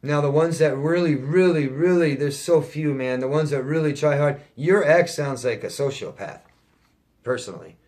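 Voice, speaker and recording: A man's voice: fairly high pitch, normal speed, a little mellow. A man working as a life coach, answering viewer questions in a Q&A monologue. He talks bluntly, swears often and repeats his points for emphasis. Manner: blunt and profane, emphatic repetition; reads out viewer questions, then answers them.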